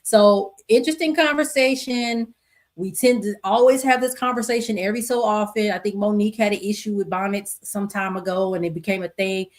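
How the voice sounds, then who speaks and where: Middle-aged woman, casual solo podcast host, lively and quick to laugh. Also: medium pitch. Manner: animated, laughs often, reads stories aloud with voices. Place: home desk with two computer screens.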